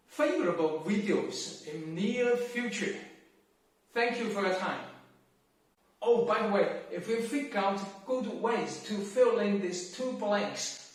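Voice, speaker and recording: A man gives a language lesson at a very slow, deliberate pace, repeating each syllable and tone as a drill. His voice sits high. The room is very echoey, and he is heard from a distance. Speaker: language teacher. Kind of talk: explaining lesson. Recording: very echoey room, mic far off.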